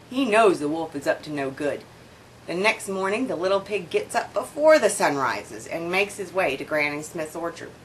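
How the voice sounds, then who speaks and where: A woman reading a children's story aloud to her child, expressive and stopping to point out the pictures. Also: medium pitch, a little hiss or hum, rough recording. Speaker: storyteller and mother.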